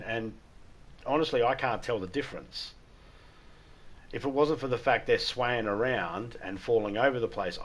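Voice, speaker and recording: An Australian man chatting casually and rambling through jokes while streaming a game. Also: on the low side. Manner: rambling, joking, irreverent. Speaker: gaming livestreamer. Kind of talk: casual chat while gaming.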